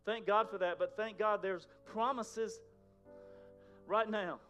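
A man preaching a sermon in a conversational way, moving between loud emphasis and near-whispers. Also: sits high, fairly even intonation, slow pace, faint music behind. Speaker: pastor.

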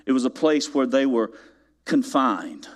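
A church sermon comes from a pastor with a mid-range voice and a measured pace. He animates a story with growing intensity, reaching loud emphatic peaks, and poses rhetorical questions to his listeners in the pews.

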